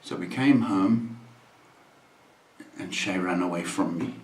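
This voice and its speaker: A man from England hosting a livestream, telling comic stories in an exasperated, animated rant that bursts out loud. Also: deep voice, takes it slowly, echoey room. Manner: exasperated, animated ranting with sudden loud outbursts. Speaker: livestream host. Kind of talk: comedic storytelling rant.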